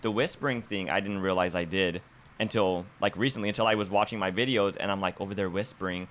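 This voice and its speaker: A man with a very deep voice talks casually as a podcast guest. He is talkative and often restarts his sentences and repeats words. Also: steady tone, quick pace, a bit bright, a little hiss or hum. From California's Central Valley. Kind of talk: casual conversation.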